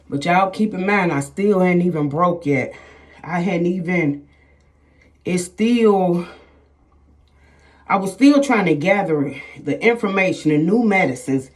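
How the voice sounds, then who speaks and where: A woman's voice: lowish voice, slow pace, long pauses. A middle-aged woman vlogger telling viewers a personal story in casual chat, emphatic and repetitive, often calling them "y'all".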